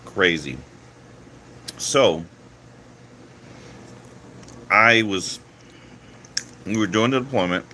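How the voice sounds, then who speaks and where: Low-voiced man telling a story. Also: very slow, long pauses, a little hiss or hum. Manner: animated, acts out quoted dialogue with rising pitch. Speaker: vlogger. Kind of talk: casual storytelling vlog.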